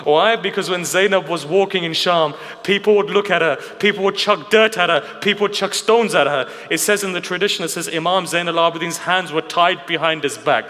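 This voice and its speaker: Bright-voiced man preaching in an echoing hall. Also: high voice, fairly quick, few pauses. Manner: emotional, rhetorical questions, drops to a hushed weeping tone. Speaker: speaker at a mourning gathering. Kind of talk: religious sermon with storytelling. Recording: reverberant hall.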